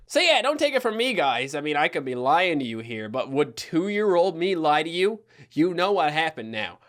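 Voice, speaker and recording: A man's voice: fairly high pitch, big pitch swings, moderate pace, fairly bright tone. A young man in his twenties with a Newfoundland accent, telling a childhood story in a casual, joking commentary with the odd swear. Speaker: YouTuber.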